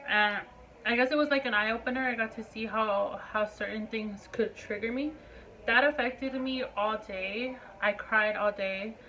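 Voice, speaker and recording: A woman's voice: on the high side, unhurried, sharp tone, lo-fi sound, a little hiss or hum. A woman in her twenties speaking to her viewers in a personal vlog, impassioned and emphatic, repeating points for stress. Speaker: vlogger.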